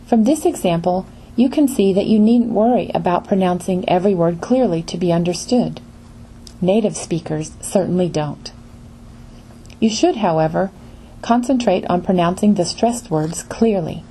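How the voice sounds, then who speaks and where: A woman giving a scripted pronunciation lesson in an even lecture manner. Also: on the low side, a little hiss or hum. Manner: slow, even lecture delivery. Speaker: pronunciation teacher. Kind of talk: scripted narration.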